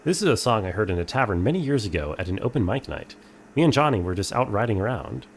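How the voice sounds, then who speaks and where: A man's voice: on the low side, very animated, fast, a little hiss or hum. A young man streaming a game, reading its text aloud and chatting dryly with viewers. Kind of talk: casual game playthrough commentary.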